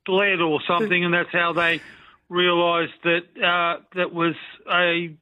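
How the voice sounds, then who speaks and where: A man calling in to a radio quiz, polite and measured, with hesitations. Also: high-pitched, flat delivery. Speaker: caller. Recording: tinny phone line.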